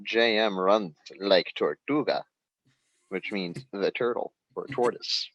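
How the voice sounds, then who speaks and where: Man, lowish voice, dry jokes, casual podcast, dull dry sound. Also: takes it slowly, fairly bright tone, no echo. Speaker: podcast co-host. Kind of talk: casual sports chat.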